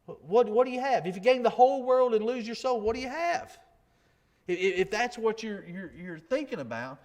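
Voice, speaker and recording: A man's voice: high-pitched, lively intonation, moderate pace, darkish tone. A man preaching a sermon in a conversational way, often repeating himself and asking rhetorical questions.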